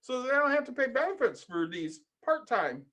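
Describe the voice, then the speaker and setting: A man co-hosting a casual podcast, explaining his points in a measured way and asking pointed questions. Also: extremely high pitch, big pitch swings, sharp tone. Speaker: podcast co-host. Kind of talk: casual chat.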